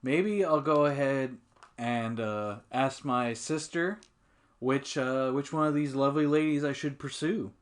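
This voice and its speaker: A man's voice: mid-range voice, a little slow. A man giving casual, rambling commentary while playing a farming game, swearing often and laughing at himself. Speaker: let's play gamer.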